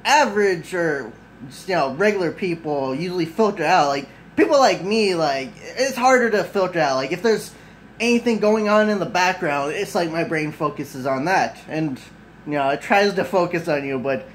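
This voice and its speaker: Freshly woken at his home desk, a high-voiced vlogger rambles loosely and expressively at normal speed, cursing, laughing at himself, drifting off topic and filling gaps with "like" and "you know." The rough recording from a side-mounted camera mic carries a little hiss or hum.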